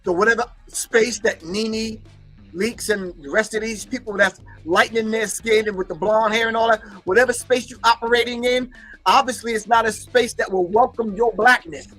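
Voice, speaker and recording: A man's voice: sits high, steady tone, moderate pace, pushed and bright, soft background music. A man hosting an online show who comments on archival clips, preaching emphatically and repeating key phrases. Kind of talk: commentary on a recorded lecture.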